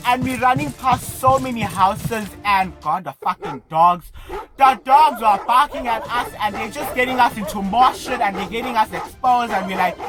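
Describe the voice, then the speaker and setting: A young man with a South African accent, telling a story to his vlog in an animated, breathless way, full of swearing and fillers. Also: very high voice, moderate pace, music in the background, a crowd in the background. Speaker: vlogger. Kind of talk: casual storytelling.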